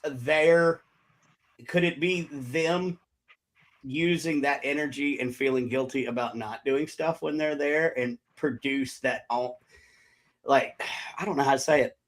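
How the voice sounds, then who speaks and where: A man's voice: medium pitch, steady tone, a little slow. A man co-hosting a talk show, hesitant and searching for his words as he asks a question. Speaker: co-host. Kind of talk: casual chat.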